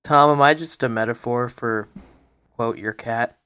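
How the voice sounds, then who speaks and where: A man's voice: mid-range voice, unhurried, pushed and bright, clear, resonant tone. A man co-hosting a podcast, laid-back and teasing in casual chat. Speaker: podcast co-host.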